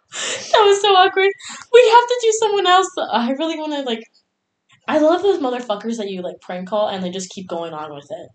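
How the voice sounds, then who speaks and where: A woman's voice: high-pitched, big pitch swings, moderate pace. A young woman co-hosting a podcast in casual chat. She is giggly and chatty, with lots of 'like' and swearing. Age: young adult. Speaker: podcast co-host. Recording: echoey room.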